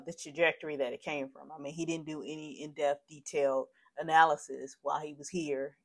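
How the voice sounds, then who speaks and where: Shaken podcast host telling a story. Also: mid-range voice. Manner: candid, rambling, shaken, grows heated and profane. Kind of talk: personal podcast monologue.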